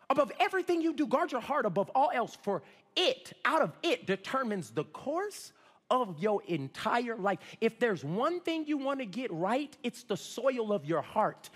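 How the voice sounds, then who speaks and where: A male pastor preaching a sermon, swinging between shouts and low asides. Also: big pitch swings, normal speed, big-room sound. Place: church sanctuary.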